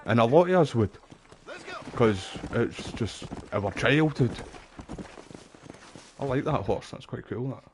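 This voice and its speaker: A man's voice: medium pitch, animated, takes it slowly, long pauses, slight background noise. A man, chatting casually and rambling as he plays a video game. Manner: rambling and chatty, lots of "mate" and "you know". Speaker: gaming streamer. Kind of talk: casual chat over gameplay.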